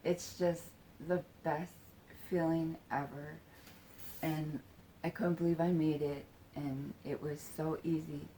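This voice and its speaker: Slow, halting woman telling a story. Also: low-pitched, level tone, warm tone, a little hiss or hum, rough recording. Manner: halting, full of fillers, swears casually; acts out quoted lines, dropping to a whisper. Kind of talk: casual personal storytelling.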